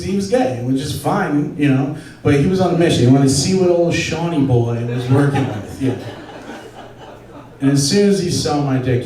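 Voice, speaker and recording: A man's voice: medium pitch, a little mellow. A young man doing a crude, self-deprecating, conversational stand-up set on a comedy club stage. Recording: echoey club, distant mic, audience laughter.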